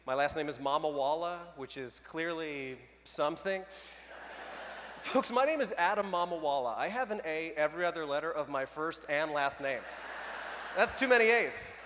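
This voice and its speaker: A man's voice: fairly high pitch, expressive, moderate pace, fairly bright tone. A young man doing a stand-up comedy set on a large arena stage, self-deprecating and conversational, bantering with the crowd. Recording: arena reverb, faint crowd noise. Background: audience laughter.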